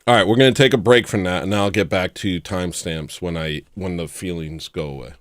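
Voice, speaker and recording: Male streamer host, low voice, dry close mic, self-mocking rambling banter. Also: brisk, no room sound. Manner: rambling, self-mocking jokes, greets chatters by name. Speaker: livestream host. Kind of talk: casual livestream chat.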